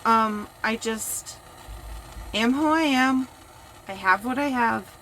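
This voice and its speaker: Slow, gravelly-voiced woman crafting at home. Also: fairly high pitch, a little hiss or hum. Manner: chatty and self-mocking, drops to a hush while working. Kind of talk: casual crafting vlog. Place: home workspace.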